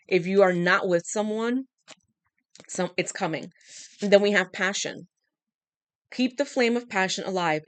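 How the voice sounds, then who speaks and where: A woman's voice: fairly low pitch, slight background noise. A woman giving a channeled tarot reading, talking straight to the listener in an emphatic, coaxing way, her throat dry. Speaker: tarot reader.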